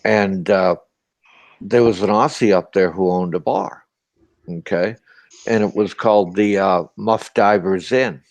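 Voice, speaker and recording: A man's voice: sits low, unhurried, dry recording. An older man with a Boston accent, a former sailor telling profane, boisterous stories in a casual chat. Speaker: ex-sailor storyteller.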